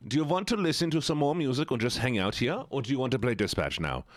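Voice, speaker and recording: A man's voice: medium pitch, lively intonation, quick pace, hardly any pauses, no room sound. A man streaming live, chatting casually and teasingly with his viewers. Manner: playful, teasing, talks straight to chat.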